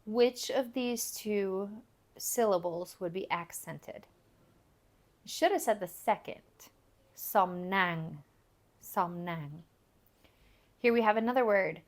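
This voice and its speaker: A woman's voice: mid-range voice, a little slow, a little mellow. A woman giving a recorded phonics lesson, patiently explaining step by step and repeating example words for learners. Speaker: language teacher.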